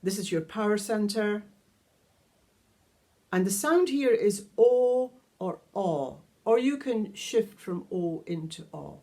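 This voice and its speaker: Calm woman teaching vocal toning. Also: mid-range voice, takes it slowly. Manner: calm, instructive, demonstrates sustained vowel tones. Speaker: sound healing teacher. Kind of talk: guided vocal toning lesson.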